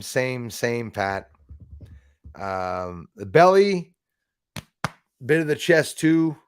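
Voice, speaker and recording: A man's voice: fairly high pitch, creaky, no echo, studio quality. Chatty male livestream host. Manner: chatty, swears casually, greets viewers by name. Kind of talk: casual live stream chat.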